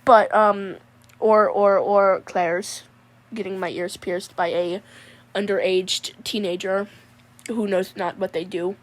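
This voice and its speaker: In a comedic character monologue, a woman voices a goofy, laid-back young guy with a mullet who drawls, rambles, and keeps calling people "mon." Her mid-range voice is level in tone, slow, and lightly acted.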